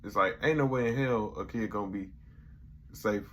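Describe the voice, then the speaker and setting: A man's voice: fairly low pitch, moderate pace, fairly bright tone, slight background noise. A young man casually reviewing a comedy episode in a loose, slangy way, acting out the quotes as he retells the scenes. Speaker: YouTube reviewer.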